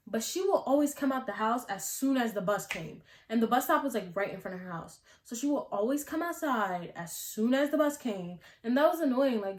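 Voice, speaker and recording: Young woman vlogger, casual storyteller, mid-pitched, slangy and chatty, recorded in a roomy, echoing space. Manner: chatty, slangy, many "like" fillers. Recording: echoey room.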